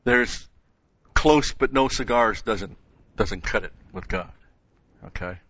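Bright-toned man preaching a sermon. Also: lowish voice, slow, no room sound, lo-fi sound. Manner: reads scripture aloud with rising emphasis, then explains in asides.

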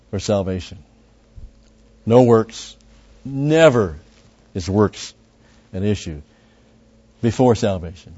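Low-voiced man teaching verse by verse. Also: mellow. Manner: conversational, with frequent asides and restarts; emphatic on key words. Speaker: Bible teacher. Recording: dull lo-fi recording.

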